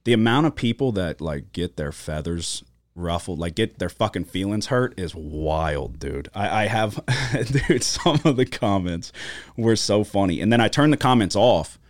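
A man's voice: sits low, normal speed, no room sound. A man co-hosting a studio podcast, telling stories in casual chat, swearing freely and acting out quoted voices. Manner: profane, animated storytelling with quoted voices. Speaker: podcast co-host.

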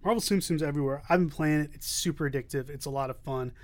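A man hosting a podcast news roundup, talking in an upbeat, relaxed way with a few fillers. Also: fairly high pitch, quick pace. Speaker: podcast host.

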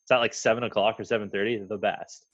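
A man's voice: on the low side, fairly even intonation, fast, fairly bright tone, highs cut off. A Canadian man in his thirties, a podcast guest with a dry, teasing sense of humor. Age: 30s. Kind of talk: casual chat.

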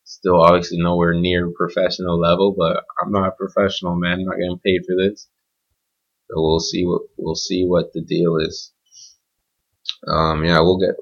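Man, low voice, blunt profane rambling, solo podcast rant, muffled lo-fi sound. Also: a bit bright. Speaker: podcast host. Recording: dull lo-fi home recording.

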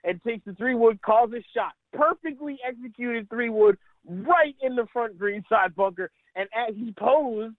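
Man, middle-aged, high pitch, animated storyteller, laughs a lot, radio interview guest, tinny phone line. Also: dry recording. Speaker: caddie and stand-up comedian guest.

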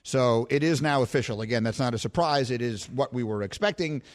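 A man's voice: mid-range voice, brisk. A middle-aged man hosting a sports talk show, chatting in a playful, talkative, self-mocking way. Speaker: radio and podcast host. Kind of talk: casual sports talk banter.

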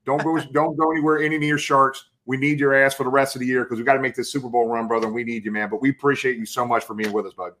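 A man's voice: mid-range voice, little pitch movement, quick pace, hardly any pauses, fairly bright tone. A middle-aged man hosting a casual sports interview, enthusiastic and full of hype, calling his guest brother and man. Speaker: host.

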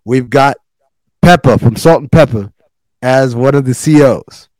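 A man co-hosting a casual podcast, recapping a television show in animated, profanity-heavy chat. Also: unhurried, no room sound. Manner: animated, swearing, jumps into high voices for quotes. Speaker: podcast co-host.

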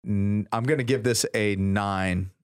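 A man co-hosting a podcast, telling a story in casual chat with animated energy and frequent laughter. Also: lowish voice, a little slow, smooth. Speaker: podcast co-host.

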